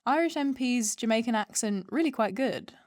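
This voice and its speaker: A woman's voice: on the high side, expressive, moderate pace, a little mellow, dry recording. A woman on a comedy news podcast panel, delivering dry, wry one-liners. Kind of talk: comedic quiz banter.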